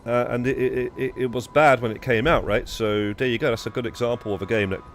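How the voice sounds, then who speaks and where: A man's voice: medium pitch, steady tone, a little fast, soft background music. A young British man streaming a game, chatting casually and rambling with restarts and swearing. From United Kingdom. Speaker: live streamer. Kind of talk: casual gaming stream chat.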